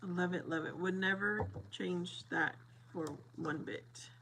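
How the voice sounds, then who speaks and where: A middle-aged woman chatting casually with viewers, animated and laughing often as she acts out both sides of a story. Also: fairly low pitch, a little slow, creaky, very noisy.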